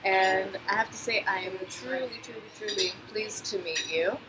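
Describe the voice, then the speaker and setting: A woman's voice: medium pitch, moderate pace, over music, low-quality recording. A woman hosting a podcast interview in a cafe, enthusiastic and chatty, laughing between remarks. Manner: warm, enthusiastic, laughs often. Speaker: podcast host. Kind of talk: casual interview.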